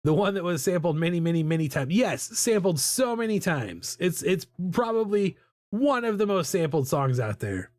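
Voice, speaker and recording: An artist in their thirties chats casually during a live drawing stream, with a medium-pitched, very animated voice, a moderate pace, and a darkish tone, recorded with no room sound. They ramble in a chatty, self-deprecating way, repeating words, filling gaps with "like," and humming and laughing.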